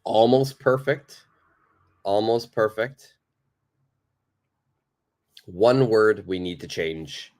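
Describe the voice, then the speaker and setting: A man's voice: fairly low pitch, lively intonation, drawn-out words, long pauses, a little mellow. A man teaching a live online English lesson, patiently repeating and praising viewers' answers.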